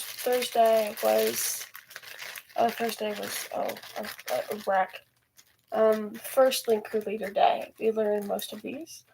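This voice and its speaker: A woman's voice: on the high side, gravelly, a little hiss or hum, rough recording. A teenage girl telling a rambling story in a casual vlog, restarting often and filling with ums. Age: teens. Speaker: vlogger. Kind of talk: casual talking-to-camera vlog.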